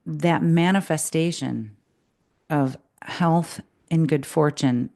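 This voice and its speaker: A woman co-hosting a podcast in casual chat, chatty and animated and quick to laugh. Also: sits low, creaky. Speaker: podcast co-host.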